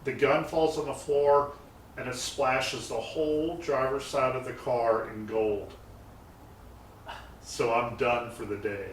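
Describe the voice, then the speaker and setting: A man's voice: medium pitch, steady tone, slow. A man who builds and paints custom cars, telling shop stories in a loose, rambling way with lots of fillers and restarts. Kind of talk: casual interview talk. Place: garage shop. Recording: roomy echo, mic set far off, faint noise.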